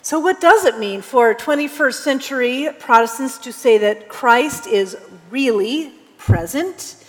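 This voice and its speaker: A woman's voice: high-pitched, lively intonation, unhurried, faint music behind. A woman pastor giving a sermon in a conversational preaching style, now and then reading scripture aloud with emphasis. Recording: long hall reverb.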